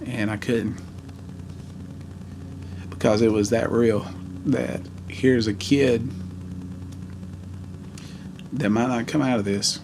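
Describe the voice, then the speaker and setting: A man in his forties telling a heartfelt personal story in a vlog, earnest and halting. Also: medium pitch, fairly even intonation, noisy background. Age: 40s. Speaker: vlogger.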